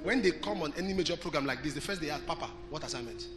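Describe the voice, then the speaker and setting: A pastor with a Nigerian accent and a high-side voice preaches very fast, swinging from shouted lines to soft storytelling and often questioning the crowd. He is in a church hall, and the recording carries large-hall reverb with music behind him.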